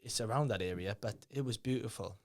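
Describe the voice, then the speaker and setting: A man hosting a podcast as a mindset coach, chatting casually and telling lively stories, acting out quotes and swearing freely. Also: fairly low pitch, fast talker. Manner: animated storyteller, swears freely, acts out quotes. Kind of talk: casual chat, storytelling.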